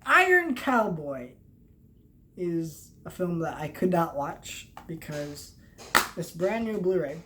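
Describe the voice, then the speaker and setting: A young adult film vlogger in casual talk to camera, rambling and halting, often trailing off and restarting, and earnest and heartfelt. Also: mid-range voice, very animated. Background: faint background noise.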